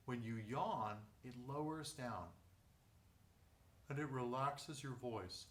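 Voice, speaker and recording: A man teaching a vocal lesson, guiding breathing and posture in a calm, step-by-step way. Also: mid-range voice. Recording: echoey room, mic at a distance.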